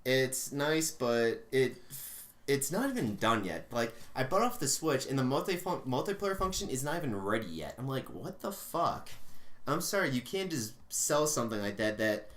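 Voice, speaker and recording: A man's voice: mid-range voice, big pitch swings, moderate pace, fairly bright tone. A young man co-hosting a casual gaming podcast, ranting with lots of swearing and filler words. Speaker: podcast co-host.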